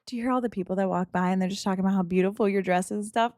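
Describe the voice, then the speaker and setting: A woman in her thirties chatting casually on a livestream, excitable and emotional, swearing freely and laughing often. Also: mid-range voice, very fast. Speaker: streamer.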